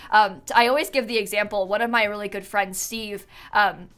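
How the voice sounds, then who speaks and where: Bright-voiced chatty woman streamer. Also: mid-range voice, steady tone, brisk. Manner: chatty, giggly, thinks aloud with many fillers. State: yawning, tired. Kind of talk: casual live-stream chat while building.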